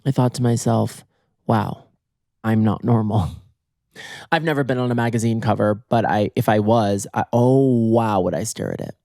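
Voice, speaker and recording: A man hosting a podcast in a comic monologue, theatrical and swinging his pitch for emphasis, slightly hoarse from being sick, recorded in bed at home. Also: moderate pace, dark tone, no echo, clean studio sound. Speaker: podcast host.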